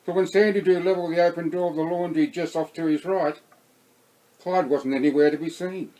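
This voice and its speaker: Aussie bloke reading his own novel aloud, a bit high voiced, steady read. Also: fairly quick, rough recording. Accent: Australian. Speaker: narrator.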